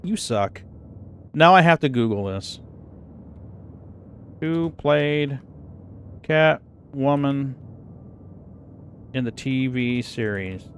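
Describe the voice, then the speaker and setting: Lively, unhurried middle-aged male streamer. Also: mid-range voice, a little hiss or hum. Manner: chatty, rambling, exclamatory asides. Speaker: livestream host. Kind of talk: casual chat with viewers. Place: home computer setup.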